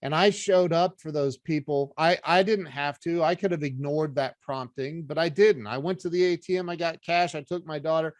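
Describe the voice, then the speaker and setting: A middle-aged man, a podcast guest, telling a story in an animated, earnest way. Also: a little high, moderate pace, few pauses, dry recording, clean studio sound. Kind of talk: casual storytelling chat.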